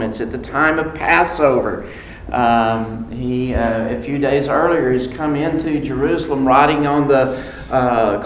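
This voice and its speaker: A man teaching a Bible class, reading scripture aloud and explaining it in a halting way, with many fillers and restarts. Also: fairly high pitch. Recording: echoey room with faint background noise.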